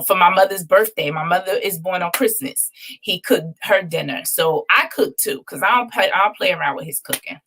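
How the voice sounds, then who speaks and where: Chatty lady spilling family tea, low gravelly voice. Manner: chatty and animated, laughing often, dishing playful shade. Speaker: vlog host. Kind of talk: casual storytelling to viewers.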